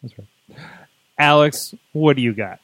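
A man hosting a casual wrestling podcast, animated and prone to stammering restarts. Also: medium pitch, measured pace, dry recording. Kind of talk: casual chat.

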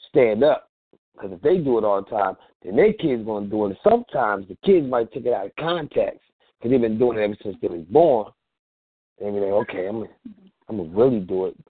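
A man's voice: medium pitch, slightly rough, no echo. Blunt slangy man on a phone line. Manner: blunt, slangy, acts out quoted voices. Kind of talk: casual talk radio commentary.

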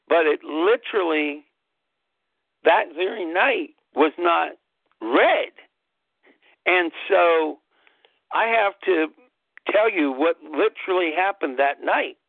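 A man's voice: on the high side, vocal fry, no room sound. A man hosting a personal health talk, telling his story earnestly and repeating key phrases for emphasis. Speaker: host. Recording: tinny phone-like line, dry.

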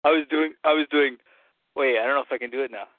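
A man's voice: mid-range voice, fairly even intonation, fast, dry recording. A man rambling through jokey stories as a call-in guest on a casual chat show, boisterous and loose. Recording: tinny phone line.

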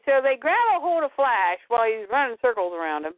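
A woman in casual podcast chat, summing up a comic with a lively, swooping voice that sits a little high. The sound is thin and phone-like, with no room echo at all. She slips in quick character voices as she goes. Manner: animated, acts out lines of characters in quick voices. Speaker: comic book podcast co-host. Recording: tinny phone-like dry sound.

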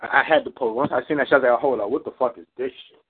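A man calls in to a talk show and tells his story bluntly, swearing freely. His voice sits at an average pitch and comes through a thin, phone-like line. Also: rapid-fire, husky. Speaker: caller. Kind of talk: casual call-in chat. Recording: phone-like lo-fi call audio.

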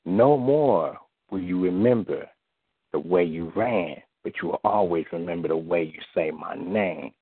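Deep-voiced man reciting sensual poetry. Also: husky, dry recording. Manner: slow, sensual delivery with a recurring "you see". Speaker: guest poet. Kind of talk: erotic spoken-word poetry recital. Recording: tinny phone-line audio, dry.

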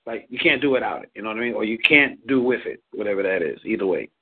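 A man's voice: fairly low pitch, animated, quick pace, breathy edge. A man giving casual relationship advice, rambling, repeating words and laughing often. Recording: tinny phone line.

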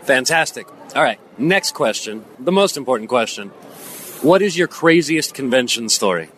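A man's voice: medium pitch, animated, normal speed, fairly bright tone, slight background noise. A man reporting from a comic convention, asking an interviewee casual questions. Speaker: roving reporter. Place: outdoors at a convention.

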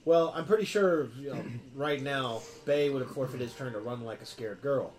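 A man's voice: mid-range voice, normal speed, crowd noise, rough recording. A man playing a tabletop game who jokes around, teases the others and laughs a lot. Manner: joking, animated, laughs often. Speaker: player. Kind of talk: casual tabletop banter.

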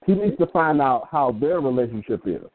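A man co-hosts a radio talk show, weighing his words slowly and leaning hard on his points. His voice sounds thin and boxy, as if heard over a phone line. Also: mid-range voice, expressive. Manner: deliberate, measured and emphatic, with restarts.

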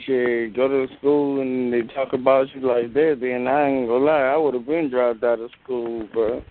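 A man's voice: mid-range voice, fairly even intonation, normal speed, a little hiss or hum. A man on a chat line, talking in a casual, blunt way. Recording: tinny phone line.

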